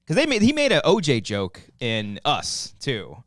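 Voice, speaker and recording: A man's voice: medium pitch, huge pitch swings, unhurried, no echo, clean studio sound. A man co-hosting a podcast, rambling through a casual film discussion with lots of fillers and restarts, swearing freely. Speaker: podcast co-host.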